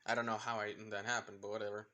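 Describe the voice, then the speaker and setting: A man's voice: fairly low pitch, little pitch movement, very fast, sharp tone. A man casually retelling a fan story, rambling with many fillers and losing track of names.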